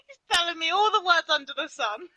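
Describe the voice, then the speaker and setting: A man's voice: very high-pitched, pushed and bright, no echo, low-quality recording. A man joining a live stream, teasing the host and giggling through casual chat. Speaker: co-streamer guest.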